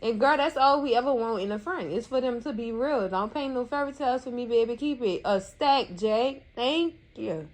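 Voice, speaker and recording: A woman with a high voice gives casual TV recap commentary. She talks in a sassy, animated way, throwing scolding asides at the characters and calling her viewers cousins. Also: moderate pace, few pauses. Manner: colloquial, addresses viewers as cousins.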